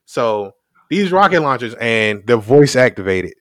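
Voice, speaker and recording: A man's voice: mid-range voice, sing-song, unhurried, no room sound, studio quality. A man co-hosting a podcast, recapping in loose, slang-heavy casual chat and laughing often. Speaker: podcast co-host.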